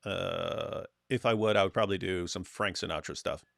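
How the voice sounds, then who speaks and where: A man with a low voice and vocal fry co-hosts a casual livestream at a moderate pace, joking with his co-host. He's animated, reading viewer comments aloud in mocking voices, and the recording is dry and studio quality.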